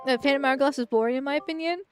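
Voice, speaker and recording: A woman's voice: high voice, rapid-fire, soft background music. A woman streaming a game, chatting casually in a rambling way, with frequent restarts.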